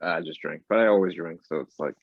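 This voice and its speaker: A young man joining a podcast as a guest, wry and deadpan in casual chat. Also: deep voice, fast, vocal fry, dry recording, lo-fi sound.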